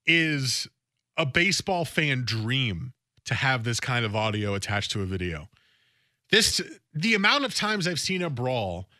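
Male sports talk host, bright tense voice, dry studio mic, chatty and animated with frequent restarts. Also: mid-range voice, no room sound. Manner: conversational, animated, often restarts phrases. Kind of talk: casual sports talk radio monologue. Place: radio studio.

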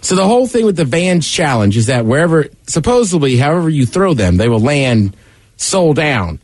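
A man hosting a talk show in casual banter, chatty and animated as he tells stories and sets up clips. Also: on the high side, moderate pace, slight background noise. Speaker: radio show host.

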